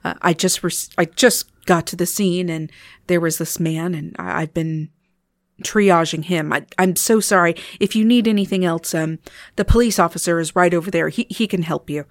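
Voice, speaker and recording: A woman's voice: on the low side, steady tone, moderate pace, no room sound, studio quality, lightly acted. A woman voicing a flustered male paramedic at a crash scene, stammering and apologetic, as a tabletop role-play voice.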